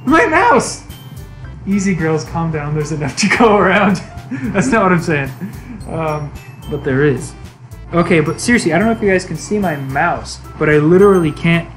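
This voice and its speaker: A woman's voice: lowish voice, lively intonation, moderate pace, soft background music, poor audio. A woman commentating on her own gameplay, reacting with flustered exclamations. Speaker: gamer. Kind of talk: let's-play commentary.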